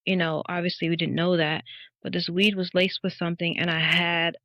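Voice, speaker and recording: A woman's voice: lowish voice, level tone, fairly quick, no echo. A woman in her thirties, a guest on a podcast, telling her personal testimony in an earnest, reflective way. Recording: dull, slightly muffled audio.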